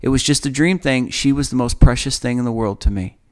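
A man in his forties telling a personal faith testimony in an earnest, emotional way, often halting and restarting. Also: mid-range voice. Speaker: speaker sharing a personal testimony.

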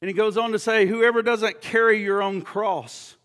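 A male pastor delivers a sermon, swinging passionately between loud fervor and hushed intensity and often repeating words. His voice is high-pitched with a steady tone, and he keeps a moderate pace.

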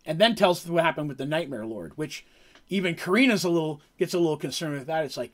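A man's voice: a little high, expressive, quick pace, fairly bright tone. A man casually recapping a tabletop game session as game master, rambling with fillers.

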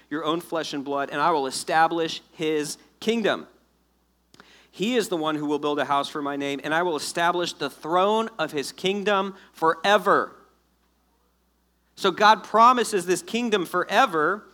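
Animated, joking man preaching a sermon. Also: a little high. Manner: animated, jokey storytelling with acted-out asides. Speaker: pastor.

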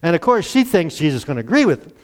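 A man's voice: a little high, sing-song, rapid-fire. A man preaching a casual, conversational sermon, asking the congregation questions and chuckling as he goes. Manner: conversational, asks the audience questions, chuckles often. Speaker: pastor.

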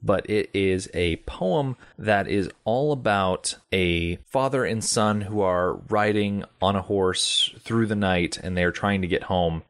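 A man co-hosting a casual film commentary podcast, chatting and reading a poem aloud in a measured way. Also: deep voice. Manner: relaxed, reads poem aloud in measured cadence. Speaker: podcast co-host.

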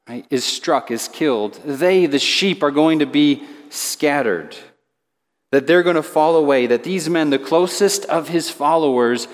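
A man delivers a sermon in an easy, conversational way, slipping in casual asides. His medium-pitched voice rings out with long reverb around it. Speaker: pastor.

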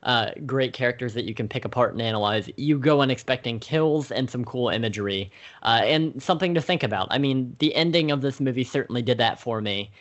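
A young man co-hosting a podcast who speaks in a measured, thoughtful way with frequent ums. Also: mid-range voice, lo-fi sound. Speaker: podcast co-host. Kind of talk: casual conversation.

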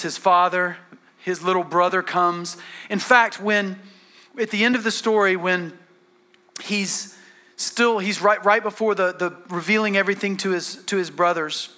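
A man preaching a sermon as a pastor, earnest and animated, repeating words for emphasis. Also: high voice.

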